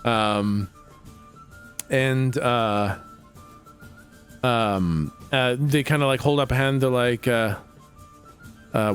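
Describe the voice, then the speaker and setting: A man narrating as game master of a tabletop game, halting with many fillers. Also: mid-range voice, soft background music. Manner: hesitant, full of fillers.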